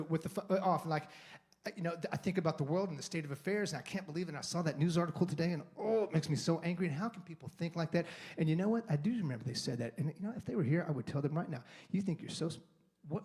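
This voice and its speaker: A man's voice: fairly high pitch, a little mellow. A man giving a guest sermon in a conversational, rambling way, with restarts and acted-out inner monologue. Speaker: guest speaker. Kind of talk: sermon talk. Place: church sanctuary.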